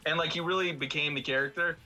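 A man's voice: fairly high pitch, fairly even intonation, fast, pushed and bright, faint music behind, rough recording. A man talking casually on a podcast panel about a film, rambling with many fillers and restarts.

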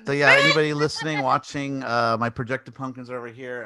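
A man's voice: medium pitch, fairly even intonation, fast, a crowd in the background. A man co-hosting a casual arcade podcast, rambling and laughing often as he chats. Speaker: podcast co-host. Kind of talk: casual chat.

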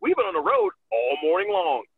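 A man telling a road story as a guest in casual talk, animated and profane, acting out quotes and laughing often, heard over a phone line. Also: sits high, brisk, breathy edge, dry recording. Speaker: wrestler guest. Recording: tinny phone-line sound.

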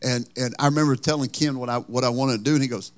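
A man's voice: mid-range voice, fairly even intonation, fast talker. A man preaching a sermon as pastor, telling a folksy, joking story.

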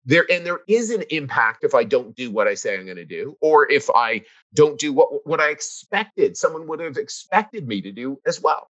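A man's voice: a little high, big pitch swings, normal speed, few pauses, a bit bright, lo-fi sound. A middle-aged man co-hosting a casual talk, telling a personal story in an earnest, reflective way with frequent restarts. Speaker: podcast co-host. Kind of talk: casual conversation.

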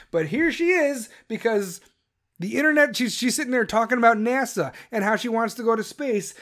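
A man, a parent, delivering a heated, profane rant that keeps stumbling and restarting. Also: extremely high pitch. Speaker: parent ranting on camera.

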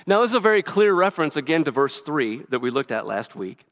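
A male pastor preaching a sermon quickly and earnestly, often restarting his phrases. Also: sits high, very animated, fairly bright tone. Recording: reverberant hall.

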